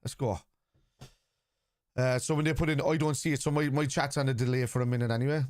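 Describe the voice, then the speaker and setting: A man's voice: mid-range voice, fairly even intonation, quick pace, darkish tone. This is a middle-aged man hosting a live football watchalong. His voice sits in a middle range, and he reads out viewer comments before firing back bluntly at anyone who doubts him. The recording is dry and close, with no room echo. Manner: blunt, combative with chat, reads comments aloud. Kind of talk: casual live-stream chat.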